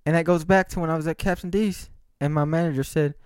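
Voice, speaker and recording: A man's voice: fairly high pitch, steady tone, fast, clear, resonant tone, dry recording, studio quality. A man talking to camera in a rambling, profane monologue, checking in with frequent "right?" asides. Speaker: vlogger.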